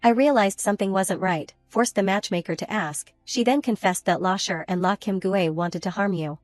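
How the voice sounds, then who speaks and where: A woman narrating a comic story recap in a scripted style, reading every character's lines in the same steady voice. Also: mid-range voice, moderate pace, no room sound, faint music behind.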